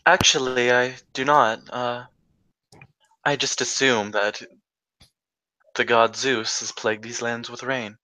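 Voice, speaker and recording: A man voicing a poised, polite woman with a Greek accent in a tabletop role-play, who speaks in measured, formal phrasing. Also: medium pitch, steady tone, sharp tone, a little hiss or hum, poor audio. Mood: matter-of-fact.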